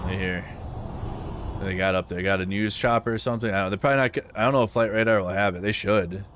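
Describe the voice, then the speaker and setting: A man's voice: fairly low pitch, fast talker, fairly bright tone, a little hiss or hum. A man hosting a live news commentary stream, talking bluntly and with profanity. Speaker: livestream news host.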